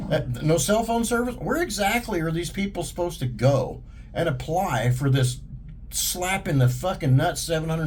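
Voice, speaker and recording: A man's voice: fairly high pitch, a little hiss or hum. A man delivering a heated, profane monologue in a blunt, ranting manner. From United States. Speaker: vlogger. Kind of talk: monologue to camera.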